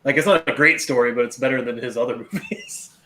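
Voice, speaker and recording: Sharp bright-voiced podcast dude, sarcastic, laughs a lot. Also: male voice, medium pitch, brisk, slight background noise. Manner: animated, sarcastic, laughs often. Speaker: podcast co-host. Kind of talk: casual chat.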